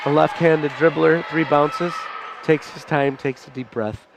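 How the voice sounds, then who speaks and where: A man in his forties calling a live high school basketball game with a stuffed-up nose, fond and folksy. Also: steady tone, a little slow, vocal fry, lo-fi sound. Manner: fond, folksy, often near tears. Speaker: play-by-play announcer. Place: school gymnasium, in the stands. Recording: gym crowd noise behind the voice.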